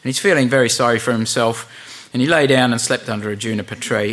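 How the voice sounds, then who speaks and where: A man's voice: mid-range voice, a bit bright. Conversational man giving a sermon. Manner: conversational, many fillers, reads verses aloud slowly. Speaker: preacher. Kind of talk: informal sermon with scripture reading.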